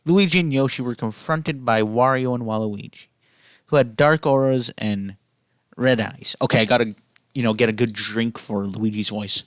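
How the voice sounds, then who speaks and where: A man's voice: medium pitch, normal speed, no room sound. A man casually reading fan fiction aloud, rambling into asides full of "you know". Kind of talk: casual read-aloud with commentary.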